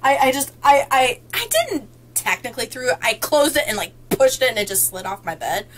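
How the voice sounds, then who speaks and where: Bubbly high-voiced woman from Indiana. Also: fairly quick, rough recording. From North Central Indiana, US. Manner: bubbly, excitable, laughs often. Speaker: book vlogger hosting a book tag. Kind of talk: casual chat among friends.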